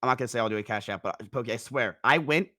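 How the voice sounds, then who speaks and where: A young man in casual chat, telling a rambling, animated story with frequent restarts. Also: medium pitch, rapid-fire. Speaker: streamer guest.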